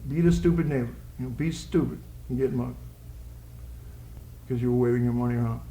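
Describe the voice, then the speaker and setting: At a live poetry reading in a college social room, a man with a dark, mid-range voice talks a little fast, chuckling between lines and drifting into playful, rambling asides. The audience is there, the room echoes, and there's slight background noise.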